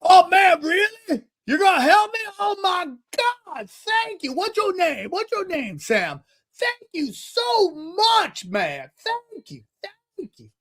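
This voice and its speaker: A man's voice: very high voice, big pitch swings, takes it slowly, a bit bright, dry recording, shouting, studio quality, pitched above the performer's own voice, heavily acted. A man voicing an overly grateful man of about sixty-five from upstate New York, who repeats himself and pleads. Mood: gushing thanks. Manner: repetitive, pleading, over-thankful.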